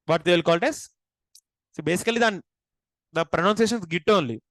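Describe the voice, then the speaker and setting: Indian man, high voice, lecturing a class and quizzing students, dry close recording. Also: a little fast, a bit bright, dry recording, low-quality recording. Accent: Indian English. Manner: asks the class questions and repeats key points. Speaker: teacher.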